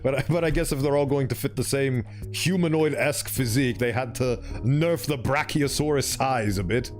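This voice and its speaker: A man's voice: medium pitch, moderate pace, faint music behind. A young man streaming, reading a visual novel aloud and rambling through commentary with chuckling, self-interrupting asides.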